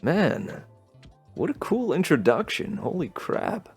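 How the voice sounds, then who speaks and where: A man's voice: a little high, wildly swooping pitch, takes it slowly, creaky, husky, soft background music. A man hosting a podcast, reading a short story aloud and chatting casually between passages. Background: faint futuristic city ambience.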